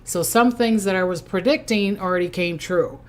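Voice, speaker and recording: A woman's voice: medium pitch, moderate pace. Older Minnesota psychic woman, chatty. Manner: chatty and rambling, reading out viewer comments. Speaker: psychic host. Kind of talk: casual livestream chat.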